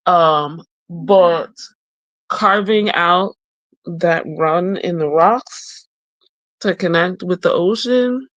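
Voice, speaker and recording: Slow, musing woman reviewing cards. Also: lowish voice, a bit bright, no echo, muffled recording. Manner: reads each card's message aloud, then muses on the image with hesitations. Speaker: tarot and oracle deck reviewer. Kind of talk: casual deck walkthrough. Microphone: close mic.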